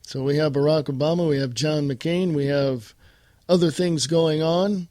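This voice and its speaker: A man's voice: on the high side, steady tone, moderate pace, warm tone, dry recording, clean studio sound. An American man hosting a political talk podcast, delivering a blunt, combative monologue straight to his listeners. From United States. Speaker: podcast host.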